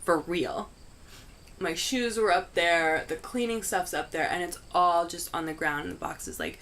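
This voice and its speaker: A woman's voice: fairly low pitch, expressive, moderate pace, fairly bright tone. A young woman vlogger telling a story casually, filling her talk with "like" and swearing freely. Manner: chatty, heavy use of "like", frank swearing.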